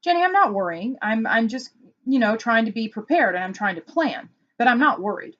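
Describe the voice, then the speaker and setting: A woman's voice: a little high, big pitch swings, brisk, fairly bright tone, dull audio. A woman putting on her husband's voice, a defensive adult man who dismisses being upset. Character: exasperated adult husband in denial.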